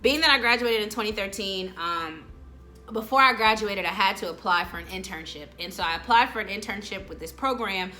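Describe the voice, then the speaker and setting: Young woman vlogger, bright edge, frank, chatty and direct with viewers; soft music bed underneath. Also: medium pitch, fairly quick. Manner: candid, chatty, addresses viewers directly as "y'all". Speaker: vlogger, motivational talk host. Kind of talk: casual motivational talk to camera.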